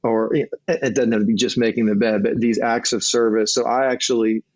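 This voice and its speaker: A man's voice: mid-range voice, steady tone, fairly quick, darkish tone, no room sound. A middle-aged man, a marriage coach and guest, talking earnestly in a casual conversation with frequent restarts, on a dull lo-fi recording.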